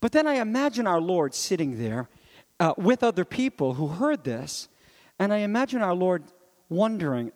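Higher-voiced male pastor in a reverberant hall. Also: normal speed. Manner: animated preaching with rhetorical questions; drops to soft, low asides. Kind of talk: sermon. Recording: long reverb of a large hall.

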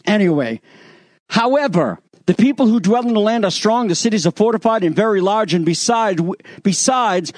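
A man preaching a sermon, retelling scripture with animated acted-out quotes and sarcastic asides. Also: high voice, normal speed, no echo, clean studio sound. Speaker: pastor.

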